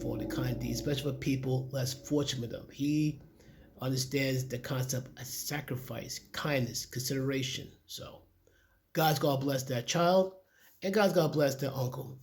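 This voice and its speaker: A man's voice: mid-range voice, moderate pace, vocal fry. A man hosting his channel, reacting to a video with earnest, slightly preachy commentary and addressing his viewers as folks. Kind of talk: casual commentary.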